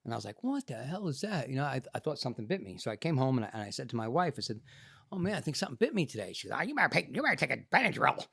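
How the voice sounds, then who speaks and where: Gravelly middle-aged New man telling a story. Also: mid-range voice, very fast, no room sound, clean studio sound. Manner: animated storytelling, swearing, acting out quotes. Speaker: podcast guest, actor. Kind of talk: storytelling interview.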